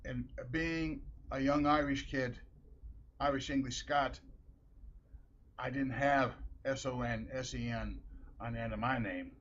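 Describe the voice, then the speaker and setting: A man's voice: mid-range voice, steady tone, a little slow, long pauses, fairly bright tone. A middle-aged man from Minnesota telling rambling stories in a casual monologue, chuckling between wry remarks. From Minnesota, USA. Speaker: vlogger. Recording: dull lo-fi audio.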